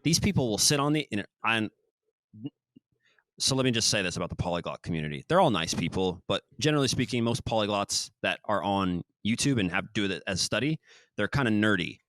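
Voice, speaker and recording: A man's voice: on the low side, fairly quick, no echo. A man hosting a podcast, talking casually and rambling, often acting out quotes. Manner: rambling, animated, acts out quotes. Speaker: podcast host. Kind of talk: casual chat.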